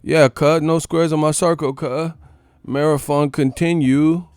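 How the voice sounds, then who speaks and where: A man doing a smug British boxer who drawls borrowed American slang. The voice is a little louder and brighter than his plain talk. The sound is dry, with no room around it. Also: a little high, fairly even intonation, unhurried, smooth, no echo, lightly acted.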